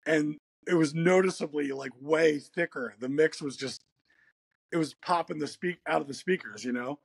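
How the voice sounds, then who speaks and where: Rambly american guy in an interview, husky voice, laughs a lot, dead dry sound. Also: fairly high pitch, normal speed, no room sound. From United States. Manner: laid-back, rambling, laughs often. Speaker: guest musician. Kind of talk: casual interview chat.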